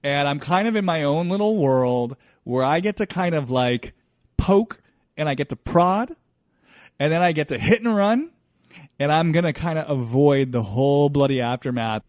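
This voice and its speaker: A man hosting a solo podcast, talking in an earnest, searching and halting way. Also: fairly high pitch, expressive, darkish tone, no echo, studio quality. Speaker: podcast host. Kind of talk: solo introspective podcast monologue.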